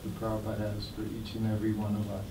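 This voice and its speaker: An older man, telling stories about his memories in an animated way and laughing as he goes. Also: fairly low pitch, racing, background noise. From United States. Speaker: guest speaker sharing memories. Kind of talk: anecdotal storytelling talk. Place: temple hall. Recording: echoey hall, mic at a distance.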